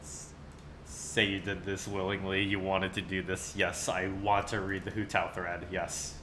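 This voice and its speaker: Male streamer with a low, sleepy morning voice, slow and flustered, joking at his own expense over a faint hiss. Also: flat delivery, sharp tone. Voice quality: groggy morning voice. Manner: flustered, self-mocking, easily cracks up. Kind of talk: live stream chat and reading aloud.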